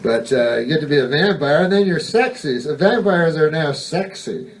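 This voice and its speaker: A man doing a stand-up comedy set on a club stage, rambling in a deadpan way and swearing a lot. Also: a little high, normal speed. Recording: distant mic, noisy live recording.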